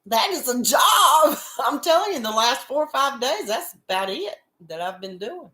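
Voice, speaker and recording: A woman's voice: sits high, sing-song, moderate pace, bright, forceful tone, roomy sound. A woman hosting a casual livestream chat, stuffed up with a head cold, greeting viewers by name and chuckling often. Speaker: livestream host.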